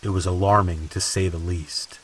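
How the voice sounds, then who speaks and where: A man reading creepy stories in a slow, ominous scripted narration. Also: sits low, steady tone, a bit bright, poor audio. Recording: faint hiss and rain sounds behind. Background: rain ambience.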